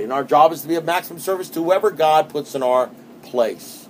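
A man's voice: fairly high pitch, fairly quick, a little hiss or hum. Rambling man sharing his recovery story. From New York. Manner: rambling and conversational, with many restarts. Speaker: speaker at a recovery meeting. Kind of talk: personal testimony to a group.

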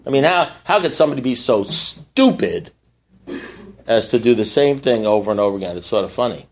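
A man speaking at a recovery meeting, telling a long joke and acting out the characters in a rising, excited voice. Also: medium pitch, brisk, a little hiss or hum. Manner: animated storyteller, acts out characters in rising voice.

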